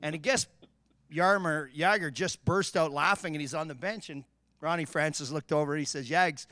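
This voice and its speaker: A man's voice: on the high side, normal speed, sharp tone, dry recording, clean studio sound. A man who played hockey tells bench stories in a rambling way and often repeats his words. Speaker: former hockey player, panelist. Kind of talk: casual chat.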